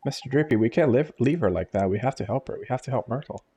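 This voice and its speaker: A man's voice: mid-range voice, animated, fast, warm tone, slight background noise, voice pushed up, natural voice. A man voicing an earnest, kind-hearted young boy hero who speaks politely, reading game dialogue aloud.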